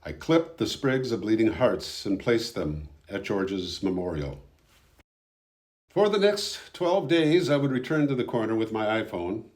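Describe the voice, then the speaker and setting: Somber, low-voiced man narrating a documentary. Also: lively intonation, a little mellow. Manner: somber, reflective, measured. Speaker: filmmaker narrating his documentary.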